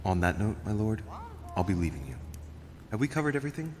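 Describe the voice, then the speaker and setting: A man's voice: on the low side, sing-song, quick pace, a little mellow. An actor playing a polite, wary male diplomat in a story game. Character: cautious male diplomat questioning the lord. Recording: game audio with hall reverb.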